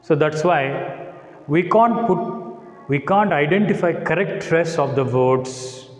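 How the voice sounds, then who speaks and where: A male teacher with an Indian English accent lectures at a slow, deliberate pace, repeating each word so students can follow. His voice sits a little high for a man. The room is echoey with a long reverb tail. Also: animated. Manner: slow, repeats words for drilling. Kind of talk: classroom lecture.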